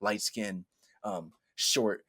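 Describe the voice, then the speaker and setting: Young man, podcast co-host, casual storytelling, lower voice, dry close sound. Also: extremely slow, husky, no echo. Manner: animated, repeats "I was like" often, laughs a lot.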